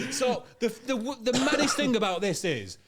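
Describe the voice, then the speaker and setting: A man, a comedian guest, telling a comic story in an animated, sweary way and laughing through it. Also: very high voice, unhurried, background noise.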